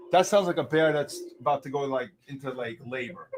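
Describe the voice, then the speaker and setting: A middle-aged man hosting a live futures trading stream, with excitable commentary, loud outbursts and joking exasperation. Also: on the high side, moderate pace, slight background noise.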